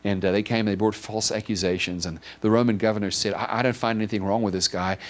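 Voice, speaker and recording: Guy preaching, kinda low voice, keeps stumbling and repeating "and", earnest. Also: fairly even intonation. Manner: halting, many repeated ands and restarts; earnest and emotional. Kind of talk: informal sermon retelling a story.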